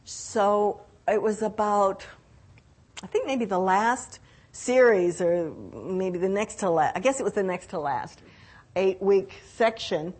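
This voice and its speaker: Older woman telling a personal story. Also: medium pitch. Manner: reflective, unhurried, with restarts and lively quoted voices. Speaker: speaker telling her own story.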